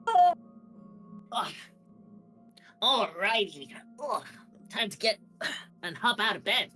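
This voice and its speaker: A man puts on a sleepy young farm lad in a tabletop game. The tone is bright and bouncy, and he mutters to himself as he gets going. Faint music plays underneath. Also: high voice, sing-song, slow, pitched above the performer's own voice, heavily acted. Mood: drowsy, cheerful. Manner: drowsy, mumbling to himself.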